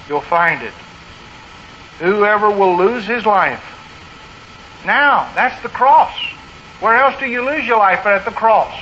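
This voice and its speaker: A man's voice: sits high, pushed and bright. A man preaching a sermon in an earnest manner, building to emphatic repetition. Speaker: pastor. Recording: dull lo-fi recording with faint noise.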